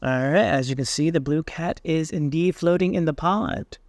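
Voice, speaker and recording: A man hosting a software tutorial, casually thinking aloud with fillers as he tries things on screen. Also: a little high, normal speed, no echo. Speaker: tech tutorial host. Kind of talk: screen-recorded software walkthrough.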